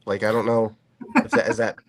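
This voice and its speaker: A man's voice: lowish voice, level tone, a little fast, crowd noise. A man hosting a podcast, chatting casually and cracking jokes. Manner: joking, wisecracking. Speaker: podcast host.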